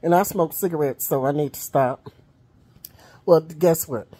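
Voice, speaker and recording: A woman's voice: deep voice, unhurried, mellow, breathy edge. A middle-aged woman vlogging in a chatty storytelling way, wheezing and coughing as she talks and calling her viewers honey and y'all. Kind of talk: casual storytelling vlog.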